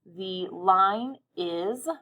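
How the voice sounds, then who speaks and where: A woman teaching a phonics lesson, sounding words out slowly and encouraging young learners. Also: mid-range voice, bright, forceful tone. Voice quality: slow, carefully sounds out words. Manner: patient, encouraging, stretches words out.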